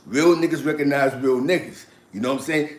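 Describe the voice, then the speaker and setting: Speaking briskly in a mid-range voice, a man shares street and prison stories in relaxed conversation. He acts out what others said with lots of laughter and animation, and the recording echoes.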